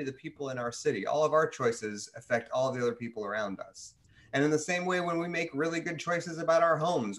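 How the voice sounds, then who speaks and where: Friendly man telling a children's story. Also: medium pitch. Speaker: religious school service leader.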